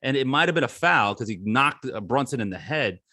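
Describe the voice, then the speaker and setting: Podcast co-host, man, mid-pitched, sarcastic and jokey, dry close mic. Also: lively intonation, a little fast, sharp tone, no room sound. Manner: joking, sarcastic, laughs often. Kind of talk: casual sports chat.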